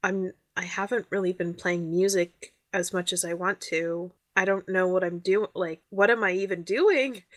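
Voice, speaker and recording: A woman voicing a young female dwarf bard who speaks softly and hesitantly, close to tears. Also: on the low side, steady tone, moderate pace, hardly any pauses, dry recording, natural voice. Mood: anxious. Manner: soft, hesitant, on the verge of tears.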